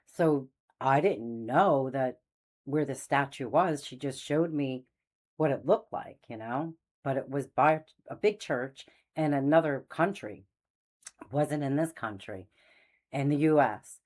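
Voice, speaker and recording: A middle-aged woman hosting a faith channel shares her testimony casually, meandering and losing her train of thought. Her voice is extremely low, unhurried, and a little mellow.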